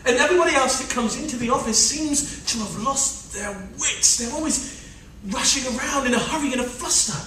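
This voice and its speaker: A man's voice: extremely high pitch, a little fast, bright, forceful tone, far from the mic, slight background noise. An actor playing a harried middle-aged official and overworked family man, pleading and complaining melodramatically in a stage rehearsal, recorded from afar in an echoey room. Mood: weary complaint.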